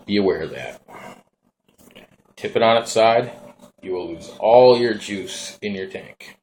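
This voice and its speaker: Showing off his vaping gear in a casual hands-on demo, this very low-voiced Minnesotan man talks in an easygoing, folksy ramble. His tone is darkish and his pace a little slow, with a faint hum of noise underneath.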